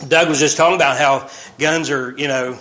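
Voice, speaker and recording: A man's voice: medium pitch, fairly even intonation, brisk, bright, forceful tone, rough recording. A man over forty giving an informal sermon, chatty and joking, often laughing between points. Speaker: pastor.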